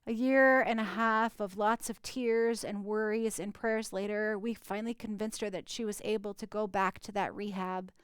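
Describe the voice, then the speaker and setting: A middle-aged woman preaching a sermon, with dramatic pauses and quiet, hushed stretches for emphasis. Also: medium pitch, clear, resonant tone, dry recording. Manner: dramatic pauses, drops to a near whisper for emphasis. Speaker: pastor.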